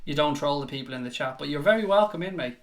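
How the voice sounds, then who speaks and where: Sweary fan commentator. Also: male voice, a little high, lively intonation, fast. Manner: frustrated, sweary, outbursts of shouting. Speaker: watchalong host. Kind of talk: live fan reaction commentary.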